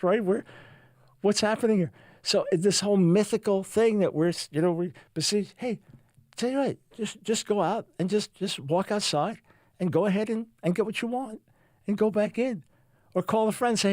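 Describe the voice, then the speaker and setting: A man's voice: sits high, a little fast, dry recording, studio quality. Sarcastic male talk radio host. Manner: sarcastic, mocking, animated. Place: radio studio. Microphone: studio microphone.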